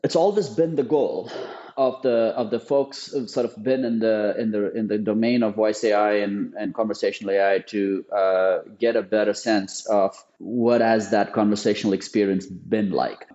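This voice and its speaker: A man's voice: lowish voice, fairly even intonation, moderate pace, warm tone, highs cut off. A man guesting on a podcast, explaining his field emphatically with frequent restarts and repeated words. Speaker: guest, voice AI company founder. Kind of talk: podcast interview.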